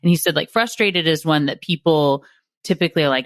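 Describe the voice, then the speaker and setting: A podcast host talking in a relaxed way, sharing references and building on the guest's points. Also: mid-range voice, a little fast, no room sound, studio quality. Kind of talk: casual interview chat.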